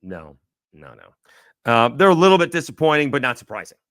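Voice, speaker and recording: A man's voice: mid-range voice, big pitch swings, normal speed, fairly bright tone, no room sound, studio quality. A man hosting a sports podcast alone, talking casually and rambling, often correcting himself as he thinks aloud. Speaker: podcast host. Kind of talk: casual solo sports talk.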